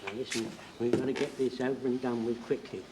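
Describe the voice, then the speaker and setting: An actor playing an excitable older home guard corporal who rambles and trips over his words, in a 1970s sitcom. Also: medium pitch, fast talker, background noise, lightly acted. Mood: fussy.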